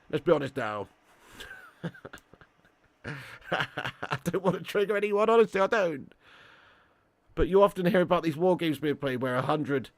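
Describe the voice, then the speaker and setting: Hosting a live football watch-along, a medium-pitched man reads super chats from viewers, laughing a lot and trading banter and joking, cheeky boasts. The audio has no echo.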